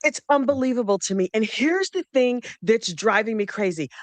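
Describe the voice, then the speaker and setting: Sassy, gossipy woman with a lively voice. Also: fairly high pitch, moderate pace, no room sound. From New Jersey. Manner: sassy, gossipy, theatrical asides. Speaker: true crime co-host. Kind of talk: casual chat.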